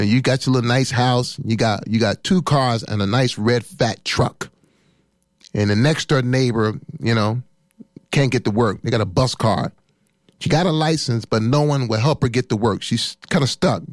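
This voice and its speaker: A man's voice: mid-range voice, animated, normal speed, no room sound, studio quality. A man in his fifties, a pastor, preaching with fiery emphasis and rhythmic repetition. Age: 50s. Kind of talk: sermon.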